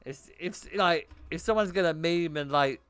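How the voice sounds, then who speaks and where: A man's voice: fairly high pitch, normal speed, fairly bright tone, clean tone, no echo, faint music behind. A young man streaming a game, chatting bluntly with his viewers and swearing often. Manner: blunt and swearing, talking to chat in bursts. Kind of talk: casual livestream chat while gaming.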